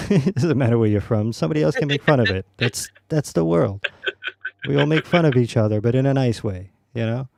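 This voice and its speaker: A man streaming a game, chatting casually with teammates in a relaxed, rambling way with many fillers. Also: medium pitch, brisk, gravelly, no room sound. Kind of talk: casual gaming chat.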